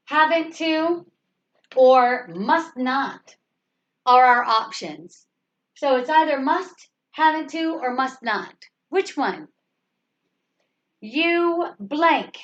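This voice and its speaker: Slow, high-voiced woman teaching grammar. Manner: patient, repeats sentences and asks rhetorical questions. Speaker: English teacher. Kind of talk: slow grammar lesson explanation. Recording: slightly dull lo-fi recording.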